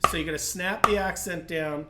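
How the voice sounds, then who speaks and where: A man's voice: sits high, fairly even intonation, fairly quick, reverberant, heavy background noise. A man teaching a livestream drum lesson, patiently explaining technique and counting in. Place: percussion studio.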